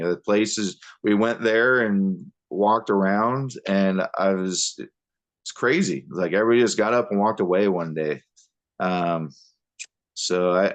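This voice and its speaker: A man with a low-pitched voice, telling his story as a podcast guest. He speaks haltingly, with pauses and restarts. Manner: halting, many fillers and restarts. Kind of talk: personal storytelling.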